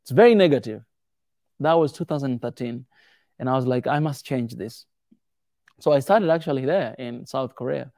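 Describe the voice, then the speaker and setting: A man's voice: mid-range voice, normal speed, pauses often, dry recording. Man telling stories to a small crowd. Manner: animated, acts out quoted voices. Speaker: speaker answering audience questions. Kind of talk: casual storytelling talk.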